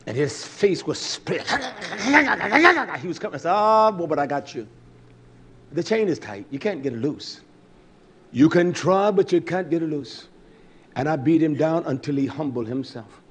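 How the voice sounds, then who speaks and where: Male preacher, fairly high-pitched, fiery and blunt, swings between shouting and muttering. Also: animated, unhurried, breathy edge. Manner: blunt, salty language. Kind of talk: sermon.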